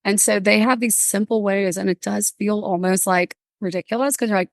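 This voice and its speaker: A woman guest on a podcast, bubbly and animated, telling stories and acting out little voices in casual interview chat. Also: mid-range voice, brisk, vocal fry, few pauses, dry recording, clean studio sound. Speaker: podcast guest, workplace wellbeing speaker.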